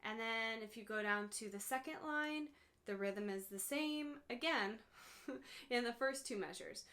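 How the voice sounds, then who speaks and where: A woman's voice: fairly high pitch, unhurried, sharp tone. A woman music teacher giving a patient, step-by-step lesson to one student, chanting rhythm syllables as she counts beats.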